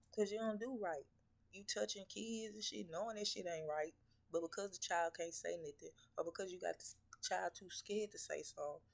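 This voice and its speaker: A woman with a low, gravelly voice preaches a blunt spiritual message straight at her viewers. She scolds and curses, firing rhetorical questions one after another. A confrontational, no-nonsense reader. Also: darkish tone.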